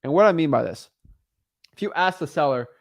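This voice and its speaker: A young man teaches cold calling on a live stream, hammering each point with blunt repetition. His voice sits somewhat high for a man, and he leans hard on every key phrase. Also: expressive, brisk, vocal fry. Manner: emphatic, repetitive, acts out callers' voices. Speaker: real estate wholesaling coach.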